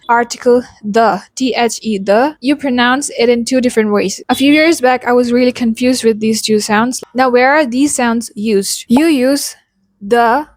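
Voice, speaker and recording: A young Indian woman with an Indian English accent, teaching pronunciation as an accent coach, repeating example words slowly to demonstrate them. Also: on the high side, no room sound, studio quality. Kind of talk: pronunciation lesson.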